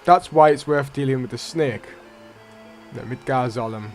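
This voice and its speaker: A man's voice: medium pitch, moderate pace, darkish tone. A man hosting a let's play, giving casual, rambling gameplay commentary that often corrects itself. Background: faint game music.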